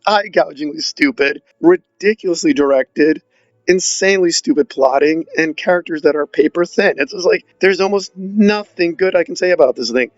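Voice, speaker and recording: A man's voice: a little high, moderate pace, no room sound, highs cut off. Sarcastic, exasperated man reviewing a film. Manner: sarcastic, exasperated, mocking quoted voices. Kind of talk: opinionated film review monologue.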